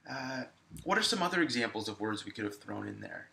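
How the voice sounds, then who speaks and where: A male high school English teacher giving a recorded video lesson, talking to viewers in a conversational way with frequent fillers. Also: animated, brisk, vocal fry, pushed and bright.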